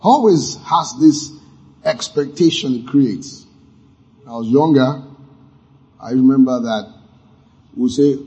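Mellow-voiced preacher, muffled recording. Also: male voice, medium pitch, measured pace, long pauses. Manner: emphatic preaching with sound effects and asides. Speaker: pastor. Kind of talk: sermon. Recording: muffled lo-fi sermon audio.

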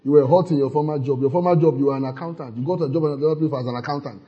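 A man preaching a sermon, lively and playful, acting out church members in mocking voices. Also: a little high, fast. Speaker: pastor.

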